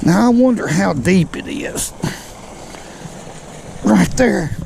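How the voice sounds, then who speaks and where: A man's voice: high voice, animated, slow pace, vocal fry, darkish tone, a little hiss or hum, low-quality recording. An older man, chatting folksily to his viewers while fishing on a creek bank outdoors, a bit out of breath. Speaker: fishing vlogger. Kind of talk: casual outdoor vlog. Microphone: body-worn camera.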